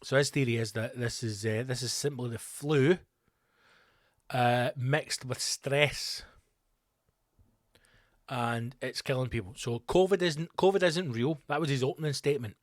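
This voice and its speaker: A man hosting a comedy podcast, telling a rambling story with sudden loud, incredulous outbursts. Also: mid-range voice, measured pace, pauses often, no room sound, clean studio sound. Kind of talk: comedic monologue.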